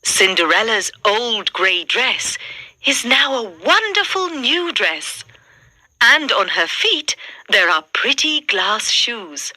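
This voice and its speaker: A woman reading a children's story aloud slowly and clearly, with a lot of expression, for learners. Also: fairly high pitch, sing-song, pushed and bright, dry recording.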